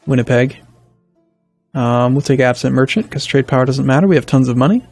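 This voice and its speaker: A man casually commenting on his strategy game as a let's play host, thinking aloud with hesitant restarts and sudden bursts of excitement. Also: mid-range voice, a little fast, no room sound, soft background music.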